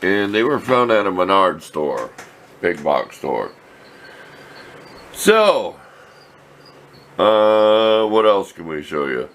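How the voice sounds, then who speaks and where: An older man hosts a workshop video, showing off tools in his home shop with folksy, plain-spoken rambling. His voice is low and fairly bright, very animated but slow, with frequent pauses. It's a casual show-and-tell.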